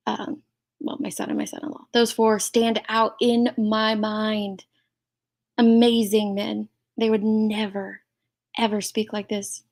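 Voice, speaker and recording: A woman's voice: medium pitch, vocal fry, a little mellow. A middle-aged woman hosting a livestream, reacting to a clip with indignant commentary and thanking chat members. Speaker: commentary channel host.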